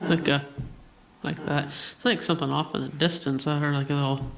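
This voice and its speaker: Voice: mid-range voice, steady tone, a little fast, creaky. A paranormal investigator calling out to spirits in an old seminary building during a ghost hunt, coaxing them and explaining the gadgets set out for them. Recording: roomy echo, faint background hiss.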